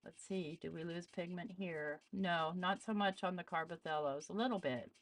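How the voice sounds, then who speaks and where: A woman's voice: lowish voice, moderate pace, no room sound. A woman hosting a casual live art demonstration, chatting as she tests supplies and greets viewers. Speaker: art channel host.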